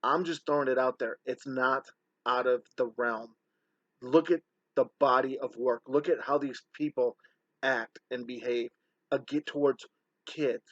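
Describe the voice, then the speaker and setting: A man talking in a heated, scornful commentary voice-over, throwing insults as he lays out his case. His voice sits at an ordinary middle pitch. The sound is dry and close, with a muffled, lo-fi edge. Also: steady tone, unhurried, fairly bright tone, dry recording. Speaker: online scam-exposing commentator.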